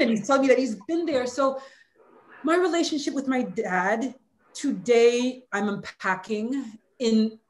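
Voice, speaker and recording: Woman, 40s, interview guest; candid, heartfelt, close to tears at moments; roomy echo. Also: high-pitched. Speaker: author and former hurdler, guest. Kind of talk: emotional interview conversation.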